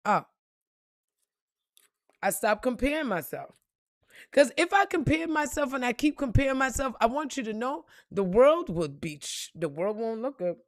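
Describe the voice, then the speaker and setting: A woman giving a blunt, profane motivational monologue, repeating phrases and swinging between loud outbursts and low, reflective tones. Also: big pitch swings, normal speed, dry recording, clean studio sound. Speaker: spiritual reader and motivational vlogger.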